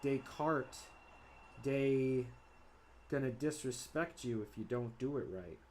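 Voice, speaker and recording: Sitting at his drawing desk in a home studio, an artist chats casually on a livestream, rambling between jokes and singing silly improvised ditties. His mid-range, darkish voice is animated but slow, with a little hiss or hum.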